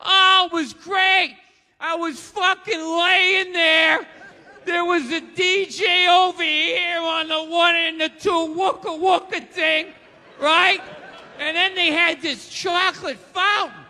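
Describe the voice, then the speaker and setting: A man's voice: extremely high pitch, fairly even intonation, slow pace, pitched above the performer's own voice, heavily acted. A man putting on a gushing drunk cruise passenger. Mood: giddy drunk. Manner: loud, dazed, gushing. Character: blissed-out drunk cruise passenger, lazy and slack. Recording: live theater reverb, crowd noise.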